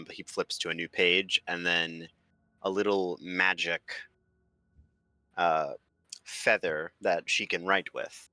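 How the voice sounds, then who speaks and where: A man's voice: low voice, bright, forceful tone, no room sound. A man narrating as dungeon master in a casual, blunt way, sometimes swearing. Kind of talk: narrating a tabletop game.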